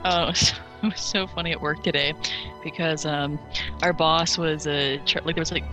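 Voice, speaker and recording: A woman chatting casually beside a gamer, teasing him and telling lively stories. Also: deep voice, moderate pace, faint music behind, low-quality recording. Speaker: co-host friend watching the game. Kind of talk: casual chat and storytelling.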